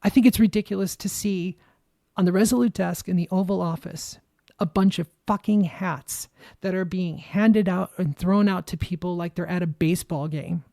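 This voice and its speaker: Podcast host, young woman: furious, emphatic monologue with plenty of swearing, trembling with anger; dark, gravelly tone. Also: on the low side, steady tone, normal speed, no room sound, studio quality. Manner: angry, emphatic, swears freely. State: shaking with anger. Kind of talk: impassioned political monologue.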